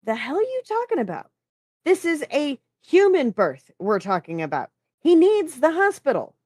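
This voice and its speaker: A woman's voice: high voice, big pitch swings, moderate pace, darkish tone, no room sound, clean studio sound, voice pushed up. Woman playing a scoffing grumpy incubus. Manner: sarcastic, grumbling. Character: skeptical grumbling male incubus.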